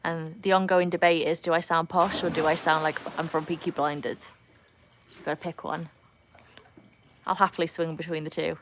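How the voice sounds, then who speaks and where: Welsh woman streaming by her pool, lowish voice, chatty and laughing, phone mic, faint outdoor hum. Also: little pitch movement, normal speed, a bit bright. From North Wales. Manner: chatty, laughs often, talks to her dogs in a higher voice. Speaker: livestream host. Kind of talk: casual live-stream chat.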